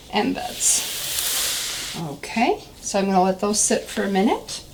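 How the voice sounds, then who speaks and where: A woman of middling pitch walks through a soap-making demonstration in a relaxed, chatty way, thinking aloud and filling pauses with ums. A faint hiss of background noise sits under her voice. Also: gravelly, low-quality recording. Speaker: soap maker demonstrating a recipe. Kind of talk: casual step-by-step craft tutorial.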